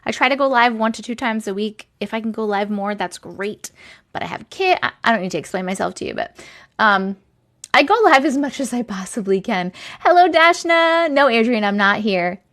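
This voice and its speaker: A woman's voice: a little high, lively intonation, brisk, fairly bright tone. Chatty woman greeting livestream viewers. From Long Island, New York. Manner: chatty, greets viewers by name with rising lilt. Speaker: TikTok live host. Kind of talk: casual livestream chat.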